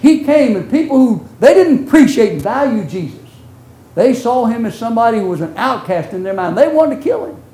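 An older man preaching in a roomy, echoing church, his voice mellow and dark in tone. He tells his stories in a folksy, earnest way, rising loud and then dropping to a hush. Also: very high voice, expressive, a little fast. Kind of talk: sermon storytelling.

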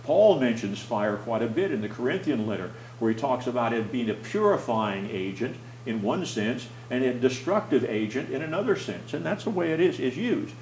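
A man's voice: mid-range voice, big pitch swings, moderate pace, hardly any pauses, darkish tone, echoey room, a little hiss or hum, low-quality recording. A man teaching a Bible class, explaining plainly, often restarting his phrases and putting questions to the class.

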